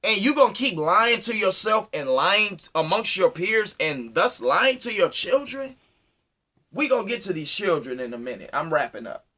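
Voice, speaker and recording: A man delivering an impassioned, preachy monologue, firing rhetorical questions at his listeners and swinging from loud to low. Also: big pitch swings, normal speed. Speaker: speaker addressing his community.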